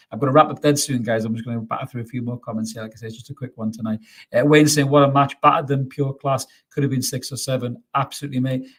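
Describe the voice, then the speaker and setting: A man hosting a live post-match fan stream, reading out viewer comments and chatting back, upbeat and calling everyone mate, often stumbling over repeated words. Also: medium pitch. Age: adult father. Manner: stammers and repeats words when excited. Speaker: fan channel host.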